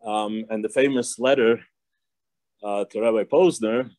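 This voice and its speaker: A man's voice: on the low side, steady tone, a little slow, a little mellow, dry recording. A man, a rabbi, teaching an informal class, telling stories with many restarts and small laughs. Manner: digressive storytelling with frequent laughs and restarts.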